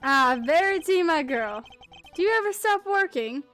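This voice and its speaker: A woman's voice: very high voice, animated, normal speed, a bit bright, faint music behind. A woman voicing a sentimental, doting elderly man in a game read-through, speaking theatrically.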